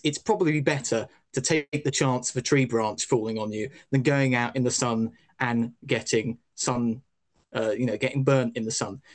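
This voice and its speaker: A man's voice: mid-range voice, a little mellow. A man giving opinionated news commentary, dismissive and argumentative.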